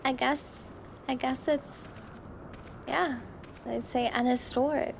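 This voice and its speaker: A woman's voice: high-pitched, fairly even intonation, takes it slowly, gravelly, a little hiss or hum. A woman streamer chatting casually as she plays, musing aloud and second-guessing herself. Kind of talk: casual game commentary. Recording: game music playing underneath.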